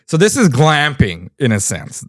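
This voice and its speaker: A man co-hosting a podcast, casually recapping an anime and acting out the characters' lines with lively switches of voice. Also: medium pitch, measured pace, dry recording, clean studio sound. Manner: animated retelling, acts out characters' lines. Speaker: podcast co-host.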